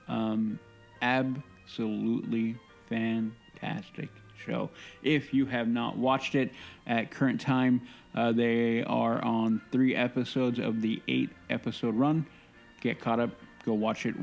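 A man's voice: medium pitch, creaky, darkish tone. A man co-hosting a podcast, chatting casually and rambling with restarts and self-mocking asides. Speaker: podcast co-host. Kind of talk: casual chat.

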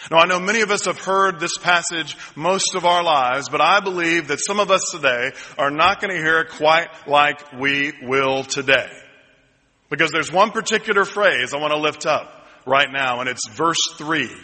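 A man preaching a sermon as pastor, telling a story slowly and building to ringing, repeated lines. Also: on the high side, sharp tone. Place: church sanctuary. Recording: long hall reverb.

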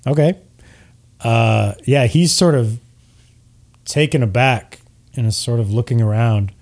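A man's voice: medium pitch, a little slow, darkish tone. A young man running a tabletop game, narrating in an easygoing way with plenty of fillers. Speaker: game master.

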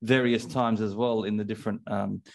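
A man hosting a casual faith conversation, eager but hesitant, pausing and restarting his thoughts. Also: lowish voice, flat delivery, gravelly, a little mellow. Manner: hesitant, many fillers and restarts, enthusiastic. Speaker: host. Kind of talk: casual faith podcast chat.

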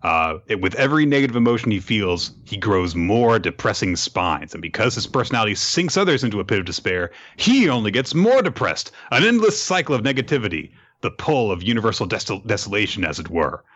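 A man's voice: lowish voice, sing-song, a little fast, few pauses, fairly bright tone, muffled recording. A man voicing a helpful woman who explains things in a slightly pompous way. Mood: explaining.

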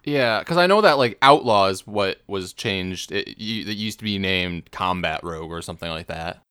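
An easygoing man in a casual gaming chat, with a low, smooth, resonant voice. The recording is dry and close. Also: lively intonation, moderate pace, pushed and bright, no echo. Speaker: podcast co-host.

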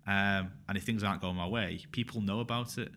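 A man with a low, deep voice talks openly in a casual podcast conversation. He is frank and emotional and tends to repeat phrases as he thinks aloud. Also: steady tone, brisk, bright, forceful tone, slight background noise.

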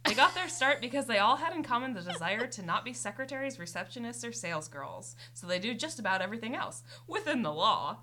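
A woman's voice: a little high, sing-song, fast, few pauses, sharp tone, slight background noise, voice pushed up. A woman voicing a 1940s news anchor reading a newspaper piece aloud, with bursts of giggling between phrases. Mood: amused.

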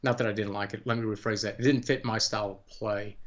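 A man's voice: lowish voice, fairly even intonation, fast talker. A middle-aged man, a game designer guest, chatting casually on a podcast, rambling through stories with chuckles and restarted sentences.

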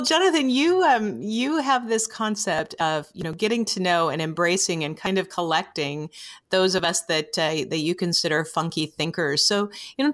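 US podcast host: a woman with a lowish voice, enthusiastic and quick to laugh. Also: fairly bright tone. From United States. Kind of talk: casual interview chat.

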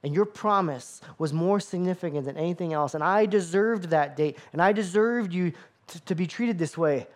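A man's voice: sits high, moderate pace. A man preaching a sermon with an emphatic, repetitive cadence. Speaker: pastor.

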